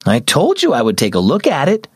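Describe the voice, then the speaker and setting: A man voicing a tired but gentle middle-aged father who speaks calmly and reassuringly in a children's audio story. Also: fairly high pitch, brisk, husky, no room sound, studio quality, full character voice.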